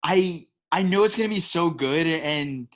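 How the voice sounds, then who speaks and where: A middle-aged Chicago man with a Chicago accent appears as a guest and home pizza maker, chatting casually and enthusiastically with many restarts as he rambles. His voice is on the high side and fairly bright, at a measured pace.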